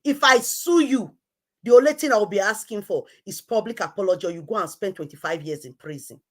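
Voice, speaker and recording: A woman's voice: mid-range voice, expressive, brisk. A woman hosting an online show, scolding someone in a heated, repetitive rant. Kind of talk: heated live-stream rant.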